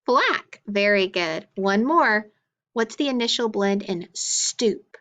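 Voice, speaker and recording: A woman's voice: mid-range voice, takes it slowly, a bit bright. A woman teaching a phonics lesson, sounding out letter blends and praising each answer patiently. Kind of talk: slow phonics drill.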